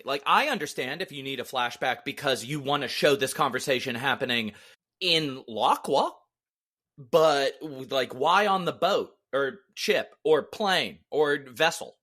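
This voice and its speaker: A man's voice: a little high, lively intonation, normal speed, bright, forceful tone. A man co-hosting a podcast in casual chat, rambling and correcting himself with a wry edge. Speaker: podcast co-host.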